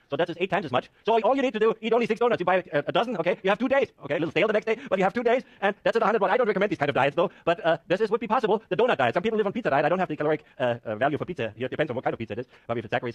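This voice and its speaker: Fast-talking joking male professor lecturing. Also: high-pitched, no room sound, highs cut off. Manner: joking, animated, self-mocking. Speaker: university professor. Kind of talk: classroom lecture with live demo. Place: lecture hall.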